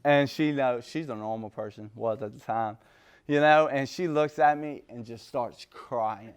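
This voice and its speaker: A man's voice: medium pitch, a little slow, clean tone. A man telling his recovery story in a rambling, casual way, full of street slang. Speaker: recovery speaker. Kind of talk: personal recovery talk.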